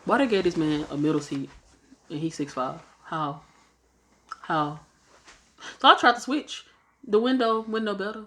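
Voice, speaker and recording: Young woman vlogger, low pitch, bright edge, animated delivery, salty casual storytelling. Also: normal speed, pauses often. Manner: animated, swears freely, acts out quotes. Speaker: vlogger telling a travel story.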